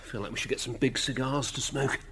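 A man's voice: mid-range voice, steady tone, brisk, background noise, lightly acted. An actor playing a fawning, self-important man who has made himself an agent, in a radio sitcom. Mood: smug. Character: scheming sycophantic male self-made talent agent.

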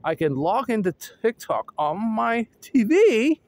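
A man vlogging casually outdoors with his dog, excitable and laughing often, his voice going hoarse. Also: high-pitched, unhurried, no echo. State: losing his voice. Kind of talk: casual vlog chat.

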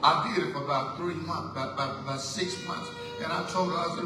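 A man's voice: on the high side, fairly even intonation, fast talker, few pauses, recorded from a distance. Man testifying in an echoey hall. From Mississippi, USA. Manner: folksy, playful storytelling that swells into shouted exhortation. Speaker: gospel singer giving a testimony on stage. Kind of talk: live testimony to a church concert crowd. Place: church hall stage during a concert. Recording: echoey live hall, mic heard from afar, music behind. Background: band music playing under the talk.

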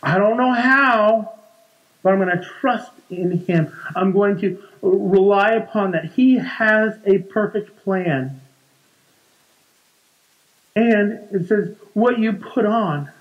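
A man's voice: sits high, slow, pauses often, muffled recording. A man in his forties preaching a conversational sermon in a church, often repeating words and restarting sentences. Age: 40s. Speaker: pastor.

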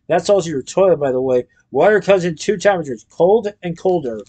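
A man voicing a sharp-tongued, cynical orphan girl who makes dry, world-weary quips. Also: fairly high pitch, fast talker, lightly acted. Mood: wry.

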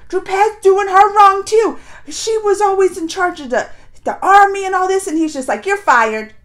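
A woman's voice: very high voice, normal speed, a bit bright. A woman hosting a reaction video, chatting casually and emotionally while talking back to the screen. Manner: chatty and colloquial.

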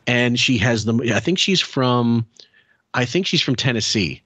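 A man's voice: medium pitch, animated, a little slow, fairly bright tone, dry recording. Wry, rambling male podcast host. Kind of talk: casual podcast chat.

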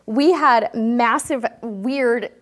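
A woman in her forties, a cruise vlogger, chatting warmly and emotionally to viewers during a live stream, choked up at times. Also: on the high side, extremely slow. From California, US. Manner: chatty, gushing, talks straight to viewers in the chat.

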